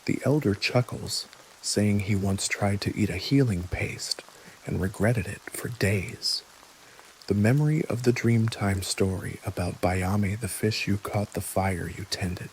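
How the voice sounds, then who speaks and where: A man gently telling a scripted bedtime history story in the second person, with dry little jokes. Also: lowish voice, a little hiss or hum, poor audio. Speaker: narrator. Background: soft rain.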